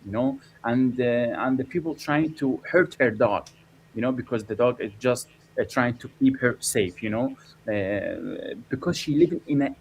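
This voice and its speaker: A man's voice: medium pitch, low-quality recording. Man, documentary director, hesitant, lots of ums, faint noise behind. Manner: halting, many fillers and restarts. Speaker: documentary filmmaker. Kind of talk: interview answers.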